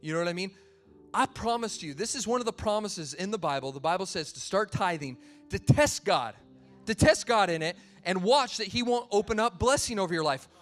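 High-voiced man preaching a sermon. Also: animated, fairly quick, a bit bright, faint music behind. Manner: conversational, storytelling, laughs at himself. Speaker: pastor.

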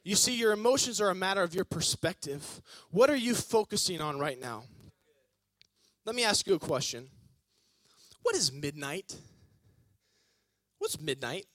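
Energetic high-voiced male preacher. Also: unhurried, long pauses, dry recording. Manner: energetic, joking, calls on the audience. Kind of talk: sermon.

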